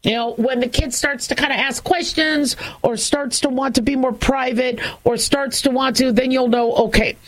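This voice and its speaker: A woman's voice: sits high, steady tone, normal speed, hardly any pauses, rough recording. Frank, chatty woman talk host. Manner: frank, chatty, many restarts and asides. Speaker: talk show host, doctor. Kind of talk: casual talk radio monologue.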